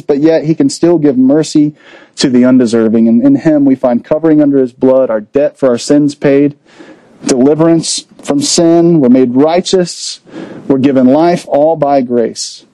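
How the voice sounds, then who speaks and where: Casual preaching man, mellow voice. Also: a little high, dry recording, low-quality recording. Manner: conversational preaching with rhetorical questions. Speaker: pastor. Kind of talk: sermon.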